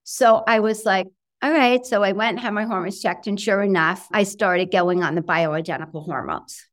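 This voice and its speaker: A woman in middle age, a guest in an interview, talking in a chatty, animated way with lots of fillers and acted-out quotes of her own thoughts. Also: medium pitch, normal speed. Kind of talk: conversational interview.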